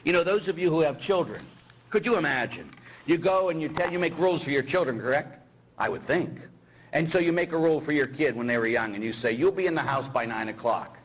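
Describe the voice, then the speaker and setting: A middle-aged man, a priest, preaching a sermon in a teasing, animated way, acting out little dialogues. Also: fairly high pitch, fast talker, low-quality recording.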